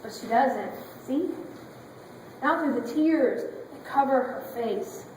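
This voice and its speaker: A woman pastor preaching with dramatic, emotive storytelling. Her voice is high and her delivery unhurried. She is picked up from far away in a very echoey church sanctuary with a faint ambience. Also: darkish tone, slight background noise. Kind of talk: sermon.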